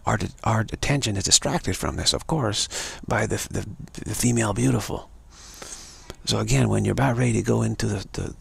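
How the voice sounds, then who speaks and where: A man's voice: lowish voice, gravelly, slightly rough. A man giving an emphatic, repetitive live-streamed monologue, warning his listeners again and again. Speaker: speaker of a live-streamed show.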